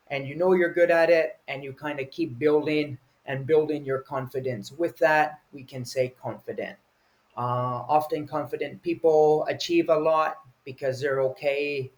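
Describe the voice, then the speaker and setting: A man's voice: fairly high pitch, darkish tone. A man teaching English vocabulary, explaining each word patiently and acting out short example feelings.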